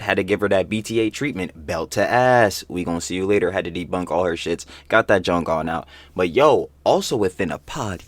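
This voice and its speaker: A man hosting a reaction video, casual and profane, swinging from slangy chatter to loud outraged yelling. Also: lowish voice, no echo. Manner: slangy, fast-talking intro to viewers.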